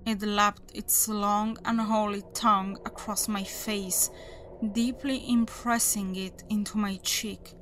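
A woman reading a horror story aloud as its narrator, in a measured, deliberate storytelling manner. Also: mid-range voice, level tone, a bit bright, slight background noise. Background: faint background music.

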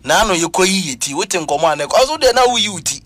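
A Ghanaian man preaching on a talk program with a high, lively voice. He talks emphatically, swinging between Twi and English. The sound is close and dry, with no room around it. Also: fast, dry recording. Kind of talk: animated church talk show discussion.

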